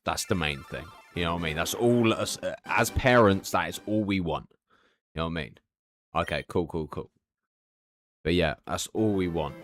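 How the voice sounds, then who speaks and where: A young man with a very deep voice talks openly while streaming, swearing freely as he confides. Faint music plays underneath him. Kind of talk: casual live-stream chat.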